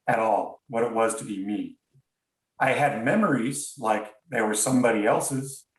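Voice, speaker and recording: A man's voice: medium pitch, a bit bright. A man, a podcast guest, tells a personal story in an earnest, reflective way, often stopping and restarting his sentences. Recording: roomy sound, distant from mic.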